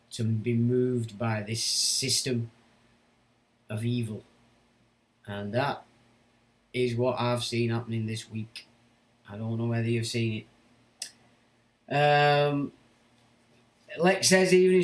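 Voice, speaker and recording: A middle-aged man hosting a livestream who rants about politics, reads out chat comments and swears as he taunts commenters. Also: medium pitch. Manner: ranting political monologue. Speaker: livestream host. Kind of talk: casual livestream talk reading chat.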